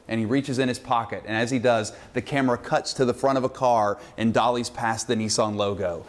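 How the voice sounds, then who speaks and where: Man telling an animated, exasperated story. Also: medium pitch, brisk, hardly any pauses. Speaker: filmmaker introducing a screening. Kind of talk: casual recorded video message.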